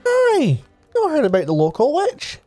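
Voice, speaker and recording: A man voicing a gruff, chatty village gardener in a Scottish accent, calling everyone "boy". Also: very high voice, huge pitch swings, moderate pace, warm tone, dry recording, faint music behind, voice pushed up, heavily acted. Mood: gossipy. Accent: put-on Scottish. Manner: folksy, calls people "boy".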